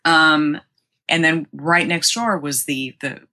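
Low-voiced woman telling a lively story. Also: slow pace. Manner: animated, rambling with many restarts and acted-out quotes. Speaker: interview guest. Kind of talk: casual storytelling in an interview.

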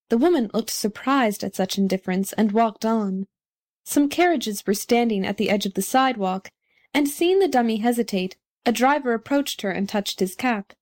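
A woman narrating a storybook audiobook in an even, clear storytelling manner. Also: mid-range voice, moderate pace.

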